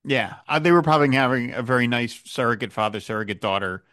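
Bright-voiced man retelling TV scenes. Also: fast talker, dry recording, clean studio sound. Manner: retells scenes, acting out character lines in lower voices, with chuckles. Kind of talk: casual chat.

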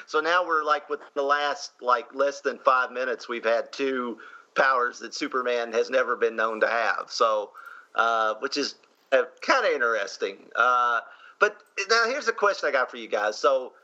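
A man's voice: medium pitch, moderate pace, sharp tone, dull audio. A man with a Southern accent co-hosting a casual movie discussion, chatty and laughing often between fillers. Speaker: podcast co-host.

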